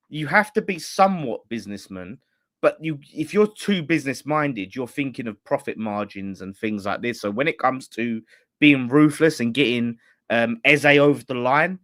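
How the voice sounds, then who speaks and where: A man's voice: mid-range voice, a bit bright, dry recording, clean studio sound. A man hosting a fan channel, chatting casually about football and reading out viewer messages. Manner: chatty, laughing, banter with co-host. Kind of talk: casual chat.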